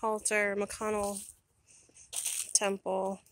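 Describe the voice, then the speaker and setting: A woman slowly reading names off headstones one by one in an outdoor church graveyard. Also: mid-range voice, monotone.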